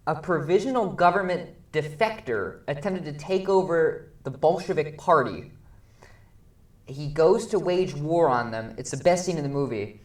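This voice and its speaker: A man's voice: fairly high pitch, measured pace. A teenage student film reviewer chatting about a movie, gushing and acting out scenes as he goes. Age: teens. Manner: excitable, gushing, acts out scenes. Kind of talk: casual film review chat. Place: school studio room. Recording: echoey room.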